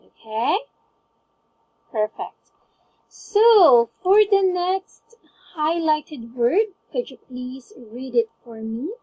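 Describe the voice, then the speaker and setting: This woman's voice sits high with lively intonation, very slow delivery and a slightly rough texture, recorded dull but without echo. Tutoring English online one-on-one, she patiently has a student read words aloud and praises every try, staying encouraging throughout.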